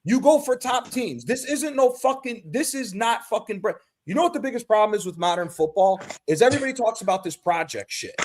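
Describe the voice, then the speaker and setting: A man's voice: sits high, expressive, brisk, few pauses. A man calling in to a football talk show, ranting angrily and swearing constantly. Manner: angry, swears constantly, blunt. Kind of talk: heated call-in football rant.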